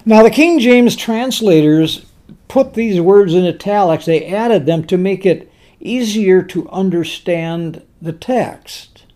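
A man preaching a sermon, slow and emphatic, repeating words for stress. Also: high voice, mellow.

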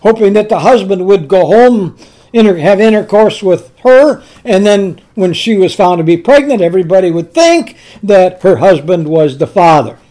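A man preaching a sermon, telling scripture stories slowly and emphatically, often repeating his words. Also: sits high, expressive, dark tone. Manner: earnest storytelling, slow and emphatic, with repeated words.

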